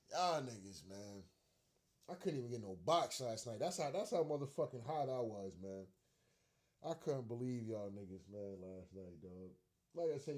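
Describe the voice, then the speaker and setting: A man's voice: medium pitch, mellow. A man ranting as a frustrated fan on his own show, profane and slangy, repeating himself and laughing in disbelief. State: upset and frustrated. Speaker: sports rant vlogger. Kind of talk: fired-up fan rant.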